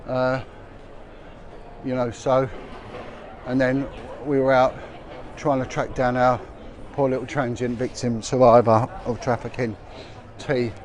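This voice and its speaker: This is walking livestream commentary from a middle-aged male vlogger whose voice is mid-range, level, and slow. He rambles as he moves along busy city streets, often restarting and leaning on fillers, against a backdrop of street noise and people passing.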